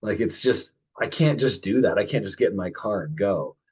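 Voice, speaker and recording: Male podcast host, lowish husky voice, encouraging and a bit halting. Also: animated. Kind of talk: casual chat.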